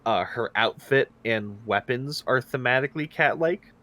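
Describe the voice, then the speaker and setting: Young male co-host, mid pitch, relaxed and jokey, conversational. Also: moderate pace. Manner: easygoing, joking, thoughtful asides. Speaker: podcast co-host. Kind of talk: casual chat.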